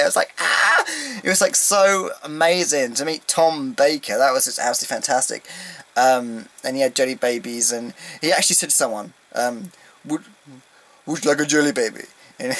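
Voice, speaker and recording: A man in a casual home vlog, recapping a fan event in an excitable, rambling way with lots of ums. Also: mid-range voice, poor audio. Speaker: vlogger. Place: indoors at home, beside his collection.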